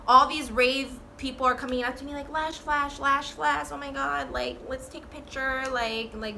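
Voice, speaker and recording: A woman's voice: a little high, sharp tone, slight background noise. A young woman telling a storytime in a casual, rambling, profane way, full of "like". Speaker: vlogger.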